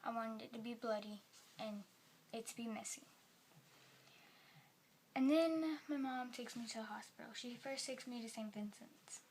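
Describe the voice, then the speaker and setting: A woman talking in a personal vlog at home, rambling softly and sometimes dropping into a whisper. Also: a little high, moderate pace, a little hiss or hum. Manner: soft-spoken, rambling, drops into whispers. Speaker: vlogger.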